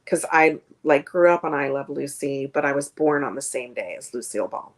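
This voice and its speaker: A woman's voice: a bass voice, expressive, fairly quick. A woman comedian chatting as a guest on a streamed video call, rambling with many fillers. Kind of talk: casual interview chat.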